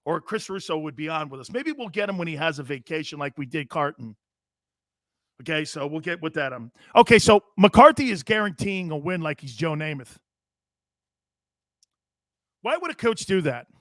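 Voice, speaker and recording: A brash, loud middle-aged man hosts a sports talk show, riffing and ranting straight at his viewers. His voice sits a bit higher than most men's. The sound is close and dry, with no room around it. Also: animated, moderate pace, pauses often, no echo. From US Northeast. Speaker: sports radio host.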